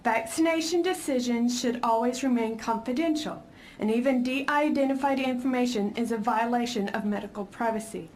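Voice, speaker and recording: A woman speaking as a mother of six before a legislative committee, reading a prepared statement in a firm, steady way. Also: fairly high pitch, normal speed, a little hiss or hum, poor audio. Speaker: mother testifying at a legislative hearing.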